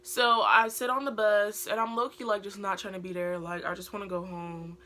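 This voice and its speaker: A British teenage girl rambles through a casual storytime vlog, her talk full of filler words. Her mid-range voice is pushed and bright, with a steady tone and a moderate pace.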